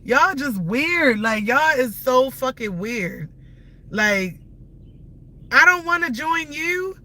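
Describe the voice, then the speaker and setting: A woman's voice: sits high, expressive, slow, sharp tone, poor audio. A woman in her thirties on a live stream, cursing and ranting heatedly at viewers while she drives. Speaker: livestreamer. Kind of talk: angry live-stream rant. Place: inside a car while driving. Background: faint car noise.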